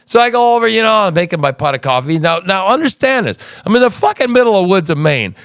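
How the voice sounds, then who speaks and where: A man's voice: high voice, very animated, quick pace, fairly bright tone, no echo, clean studio sound. A man hosting a podcast from his home in the woods, telling a rambling, profane story in casual chat. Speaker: podcast host.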